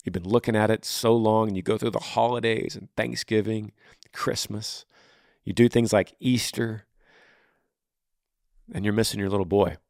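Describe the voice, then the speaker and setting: A man's voice: on the low side, steady tone, normal speed, gravelly, long pauses, a little mellow, no echo, clean studio sound. A podcast host in his thirties answering a listener's question on grief, blunt and earnest, speaking in repeated rhythmic phrases. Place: home room.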